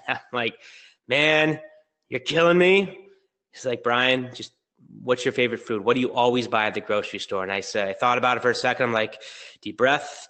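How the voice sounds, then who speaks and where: Energetic male business coach, 30s, bright voice, storyteller. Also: medium pitch. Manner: energetic storytelling, acting out both sides of a dialogue. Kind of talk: motivational webinar talk.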